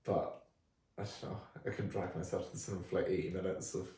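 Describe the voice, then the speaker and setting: A man co-hosting a podcast, reviewing films in a relaxed, chatty way with frequent fillers. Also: deep voice, fast. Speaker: podcast co-host. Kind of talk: casual film review chat. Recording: roomy, distant from the mic.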